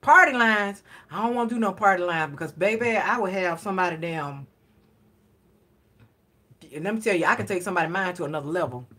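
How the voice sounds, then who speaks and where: A woman's voice: on the low side, brisk, pushed and bright, husky. A woman, telling stories in a casual, playful chat for her vlog and swearing lightly in a slangy way. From Atlanta, US South. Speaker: vlogger.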